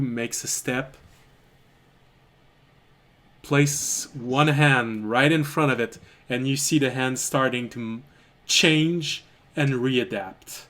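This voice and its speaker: A man narrating a tabletop fantasy game as game master, describing scenes deliberately. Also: medium pitch, a bit bright. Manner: descriptive, deliberate, occasional trailing restarts.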